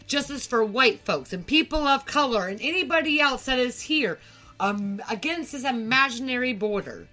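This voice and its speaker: A woman's voice: high voice, very animated, unhurried, pushed and bright, soft background music. A woman from the United States co-hosting a podcast, talking in a heated, profane, emphatic way. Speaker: podcast co-host. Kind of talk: angry rant on a podcast.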